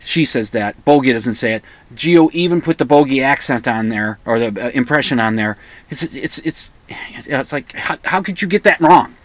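A man's voice: medium pitch, expressive, normal speed, fairly bright tone, no echo. A man hosting a solo podcast, rambling and pedantic, often restarting and correcting himself. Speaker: podcast host.

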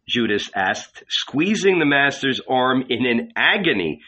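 A man narrating an audiobook in a measured, unhurried reading. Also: mid-range voice, animated, bright, forceful tone. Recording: dull lo-fi recording.

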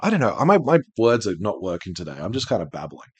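A man hosting a podcast in casual chat, talking in an animated, rambling way with frequent restarts. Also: fairly low pitch, fast talker, husky, dry recording. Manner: rambling, animated, self-interrupting. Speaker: podcast host.

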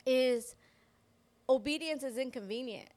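A woman co-hosting a Christian podcast, telling a personal testimony in a lively way and acting out the voices of the people in her story. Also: sits high, a little slow. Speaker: podcast co-host. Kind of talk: personal faith testimony in casual chat.

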